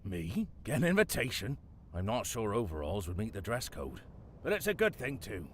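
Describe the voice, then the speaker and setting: A macabre West Country gardener. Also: male voice, on the low side, huge pitch swings, normal speed, slight background noise. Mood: sly. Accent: English West Country. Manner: wry, theatrical, darkly playful. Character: dead old English gardener, dry, macabre. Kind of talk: video game voice acting.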